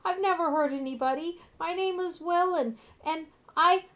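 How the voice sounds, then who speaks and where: A woman voicing a frightened little ghost boy who stammers and pleads in a high, childlike voice. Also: normal speed, fairly bright tone. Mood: pleading.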